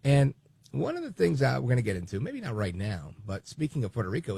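A man in his late forties hosting a political talk radio show, chatty and digressive, with lively bursts of emphasis. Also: medium pitch, quick pace, creaky, slightly rough. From New Jersey, USA.

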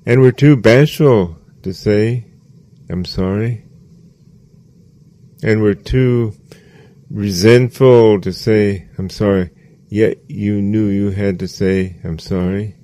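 A man giving a sermon as a spiritual teacher, slow and measured, repeating phrases for emphasis. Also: fairly low pitch, warm tone, no echo.

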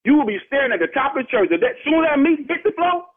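A man with a very high, husky voice argues fast and hard, insistent and calling everyone "man". His voice comes over a narrow, tinny phone line. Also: expressive. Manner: heated, insistent, says "man" constantly. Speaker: prank call target. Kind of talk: heated phone argument. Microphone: telephone.

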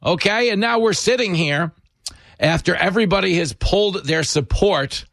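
Sarcastic gravelly talk radio host man. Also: high voice, normal speed, a bit bright, no room sound, studio quality. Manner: sarcastic, mocking.

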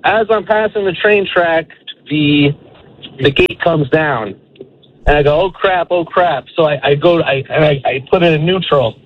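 A man's voice: fairly high pitch, moderate pace. A man calling in to a radio show, nervously retelling a close call. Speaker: caller. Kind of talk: telling a story on the phone. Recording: phone line.

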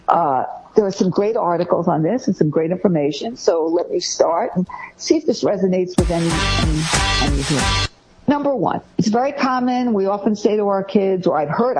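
A woman's voice: fairly low pitch, animated, moderate pace, darkish tone, breathy edge, faint music behind, rough recording. A woman hosting a talk show, giving parenting advice and acting out the phrases parents say to their kids. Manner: acts out parents' phrases in a raised voice. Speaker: host.

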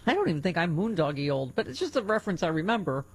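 A woman's voice: fairly low pitch, big pitch swings, slight background noise, low-quality recording. Chatty woman radio host. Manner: laughs often, quick and chatty. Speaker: radio talk show host. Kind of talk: casual political talk and ad reads.

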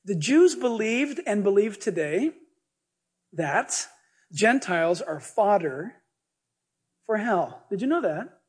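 A male pastor preaching a sermon, animated and joking as he retells scripture stories. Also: high-pitched, slow pace, long pauses, breathy edge. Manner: animated, jokey, storytelling preacher.

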